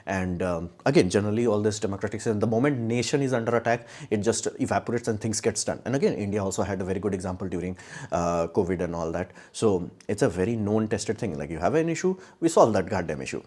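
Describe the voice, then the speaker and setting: This fast-talking man has a low, slightly mellow voice. Giving casual live-stream commentary, he's blunt and sarcastic, rambles with lots of restarts, and mocks opinions by quoting them in a put-on way.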